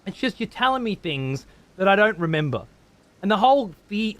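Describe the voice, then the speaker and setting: An Australian man streaming a game live, ranting and swearing heavily while he talks to his chat. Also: high-pitched. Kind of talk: live gameplay commentary.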